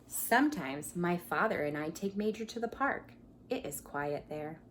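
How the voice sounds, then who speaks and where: A pre-K teacher reads a picture book aloud to young children at her home, sitting by a coffee table, acting out the animal sounds and inviting the kids to join in. Her voice sits on the low side and is expressive, moving at a moderate pace, and she drops to a whisper at quiet moments. There's a little hiss or hum in the recording.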